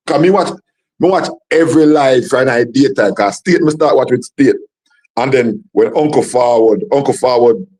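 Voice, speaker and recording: A man's voice: fairly high pitch, darkish tone, husky, poor audio. A man with a Jamaican accent hosting a casual call-in livestream, talking in repeated, stumbling starts. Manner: repetitive, stammering, laughs often. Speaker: livestream host.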